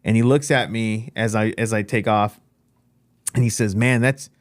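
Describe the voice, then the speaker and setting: Male host, low register, animated personal storyteller; dry, close recording. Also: normal speed, no room sound. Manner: animated storyteller, acts out his own lines. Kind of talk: casual storytelling.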